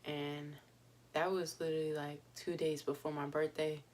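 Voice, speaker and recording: A woman's voice: low-pitched, little pitch movement, normal speed, darkish tone. A young woman vlogger telling a story in a chatty, casual way, with lots of fillers and laughs.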